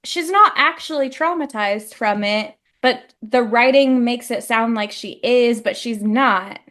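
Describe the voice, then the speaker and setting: A woman's voice: fairly high pitch, measured pace, a bit bright. A young woman co-hosting a book podcast in casual, laughing chat, with lots of "like". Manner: chatty, laughs often, says like a lot. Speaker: podcast co-host.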